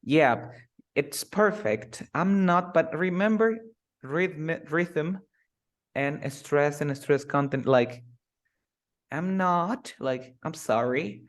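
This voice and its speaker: A man teaching English, who slows down to drill phrases and then speeds up to explain. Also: on the high side, animated. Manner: switches between slow drilled phrases and fast explanations. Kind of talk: live online English lesson.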